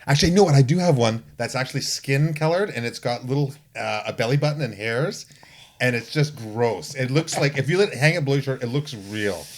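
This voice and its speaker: A man's voice: medium pitch, a little fast. A man hosting a casual podcast chat, joking and laughing as he rambles through asides. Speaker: podcast host.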